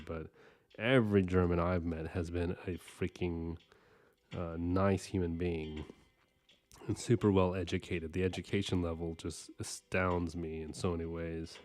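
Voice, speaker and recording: A man's voice: deep voice, a little mellow. A man chatting casually with livestream viewers while he draws, rambling and often apologizing. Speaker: artist streaming while drawing.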